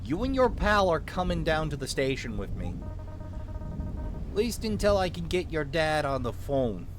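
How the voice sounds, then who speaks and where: A man voicing an exasperated small-town male police chief with a put-on Minnesotan accent, barking hurried orders. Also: fairly high pitch, big pitch swings, noisy background. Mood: stern. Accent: put-on vaguely Minnesotan.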